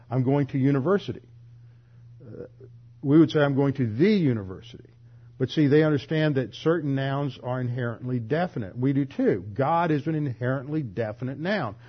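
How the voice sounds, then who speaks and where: A man's voice: medium pitch, husky. Male preacher, expository sermon, emphatic teaching voice with some stumbles, slightly muffled recording. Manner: explanatory, emphatic on key words, stumbles and repeats words. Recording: slightly dull, muffled sound.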